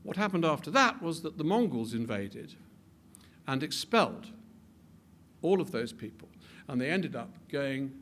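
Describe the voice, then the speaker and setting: A man giving a public talk with animated delivery, building to emphatic peaks and often repeating words as he restarts his sentences. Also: fairly high pitch, unhurried, a little hiss or hum. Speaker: speaker.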